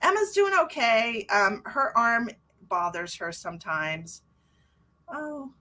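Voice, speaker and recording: A woman's voice: on the high side, very animated, slow pace, sharp tone. A middle-aged woman, a psychic medium, chatting casually on a live stream and telling a story. She laughs often and greets viewers by name.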